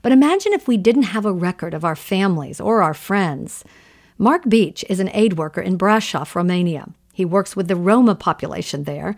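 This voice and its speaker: Even-toned woman radio host presenting news. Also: mid-range voice, moderate pace.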